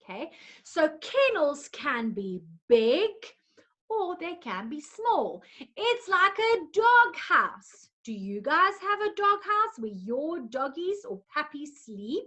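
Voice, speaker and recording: A woman's voice: high voice, big pitch swings, slow pace, pushed and bright. A woman teaching a lesson to young children in a coaxing, sing-song way, making animal sounds along the way.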